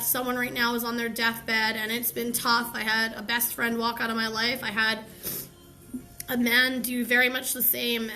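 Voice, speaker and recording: A woman's voice: a little high, bright, forceful tone. A young woman hosting a live stream, giving a candid, heartfelt motivational talk with slangy asides.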